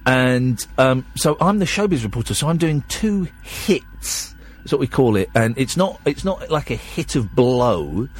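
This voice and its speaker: A man's voice: medium pitch, sing-song, unhurried, breathy edge. A tired man, hosting a late-night radio show in a rambling, chatty, self-deprecating way.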